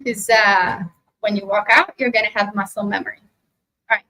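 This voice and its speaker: A woman's voice: medium pitch, normal speed. A woman giving a live workshop talk in an expo hall, turning to the audience with "right?" and leading a guided meditation. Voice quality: animated, talks to the audience directly with frequent "right?". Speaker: workshop speaker.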